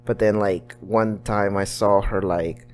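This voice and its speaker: A young man with a lowish voice co-hosting a podcast, venting in an animated way and mimicking people as he goes. Faint music sits under the talk. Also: a little slow. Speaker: podcast co-host. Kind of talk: casual chat.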